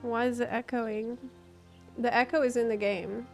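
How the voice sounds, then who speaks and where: High-voiced woman streaming a game. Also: normal speed, soft background music. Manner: chatty, expressive, easily moved. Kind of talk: casual live-stream chat while playing.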